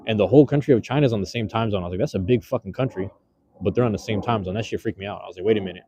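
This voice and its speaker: This is a casual live-stream: a man outdoors on the street talks to viewers from his handheld phone in loose, slangy rambles, with many fillers and restarts. His voice is on the low side, warm, and rapid-fire, with slight background noise.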